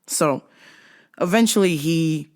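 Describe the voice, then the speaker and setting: A podcast speaker telling a casual story with lively energy and plenty of swearing. The voice sits at a middle pitch and keeps jumping into quick impressions of the other people in the story. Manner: animated, profane, acts out the people in the story.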